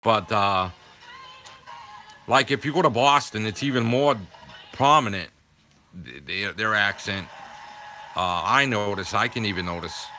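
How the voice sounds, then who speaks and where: An older man from southeastern Massachusetts with a local accent, casually chatting with viewers on a livestream in a rambling, halting way. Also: fairly low pitch, sharp tone, soft background music. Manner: rambling, halting, full of fillers. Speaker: livestream host. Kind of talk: casual chat reading viewer comments.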